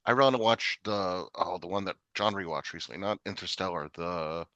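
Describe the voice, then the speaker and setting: Low-voiced male co-host with a bright edge, easygoing, trails off mid-thought, dry close mic. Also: moderate pace, no room sound, highs cut off. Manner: easygoing, trails off, searches for words. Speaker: podcast co-host. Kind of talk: casual movie chat.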